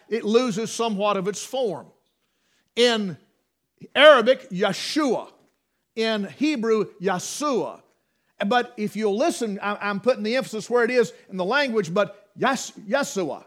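A man's voice: sits high, fairly bright tone. A man preaching a sermon, emphatic, with restarts and rhetorical questions to the congregation.

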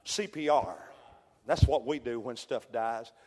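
A middle-aged man preaching a fervent revival sermon, swinging from loud peaks to hushed storytelling. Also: medium pitch, a little slow. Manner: fervent, builds to shouted peaks then drops to hushed storytelling. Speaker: pastor. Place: church sanctuary. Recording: long hall reverb.

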